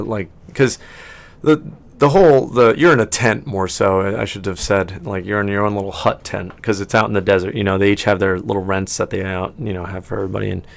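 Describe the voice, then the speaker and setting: Low-voiced man running a tabletop game. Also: vocal fry. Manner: rambling, self-correcting narration. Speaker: game master.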